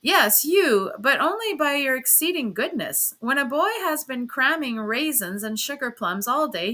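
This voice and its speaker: A woman reading a loud, teasing young husband. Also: high voice, full character voice. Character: blustering hearty young gentleman husband.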